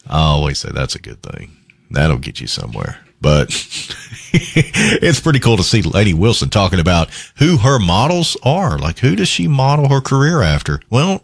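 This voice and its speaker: A man hosting a country radio show, chatting between songs in a lively, easygoing way and chuckling at his own asides. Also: lowish voice, dry recording, clean studio sound.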